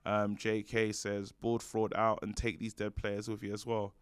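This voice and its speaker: A man's voice: fairly low pitch, completely flat delivery, normal speed, clear, resonant tone, dry recording. A man co-hosting a football fan show, reading viewer comments in a jokey, stumbling way with many fillers. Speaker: fan channel co-host.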